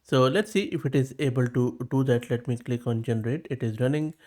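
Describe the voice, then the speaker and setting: A man hosts a tech walkthrough in a casual, chatty voice. He talks at an even pace and often pauses on fillers. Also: mid-range voice. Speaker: tech video host.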